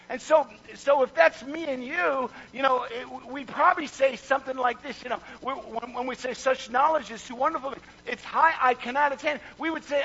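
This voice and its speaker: A man preaching a fervent sermon, repeating words and building to shouts. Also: very high voice, vocal fry, husky, lo-fi sound. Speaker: pastor.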